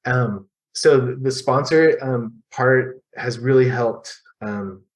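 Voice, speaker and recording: A man's voice: mid-range voice, low-quality recording. Middle-aged guy sharing at a support meeting, lots of ums and restarts, honest. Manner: halting, many restarts and ums, candid. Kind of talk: personal recovery share.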